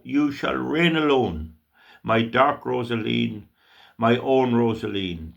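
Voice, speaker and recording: An older man from Ireland reciting a poem with slow, emotional, declaiming delivery. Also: mid-range voice, a bit bright. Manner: slow, emotional, declaiming with long drawn-out phrases. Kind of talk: dramatic poetry recitation.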